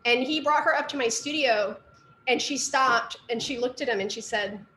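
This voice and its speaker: A middle-aged woman with a slightly high voice tells stories from her art training in a chatty, rambling way. She is recorded in an echoey room with a faint hiss behind her. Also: normal speed, a bit bright. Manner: chatty storytelling with fillers and asides. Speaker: artist and art teacher. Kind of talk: casual lecture talk.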